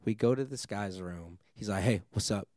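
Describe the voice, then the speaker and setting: A young man, a DJ guest, telling a wild story in casual chat, animated and swearing often, laughing as he goes. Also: on the low side, moderate pace, no echo, studio quality.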